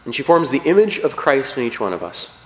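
A man preaching a sermon with emphatic, animated delivery, often checking in with his listeners. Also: mid-range voice, brisk. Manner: animated, emphatic, frequent "okay?" check-ins. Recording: roomy hall with long reverb.

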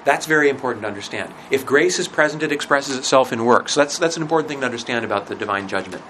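A man teaching a religion class in a conversational lecture, asking rhetorical questions and often pausing with fillers. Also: mid-range voice, lively intonation, sharp tone, a little hiss or hum, rough recording.

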